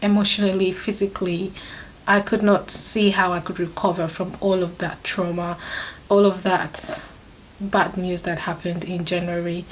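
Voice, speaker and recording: A woman's voice: fairly low pitch, slight background noise. A young woman vlogger telling a personal story to camera, emotional and laughing often, restarting her sentences as she goes. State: pregnant, third trimester.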